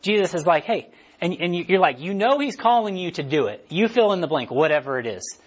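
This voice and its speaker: Husky casual preacher man. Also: high voice, a little fast, muffled recording. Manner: casual, animated, acts out inner voices. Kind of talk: conversational sermon.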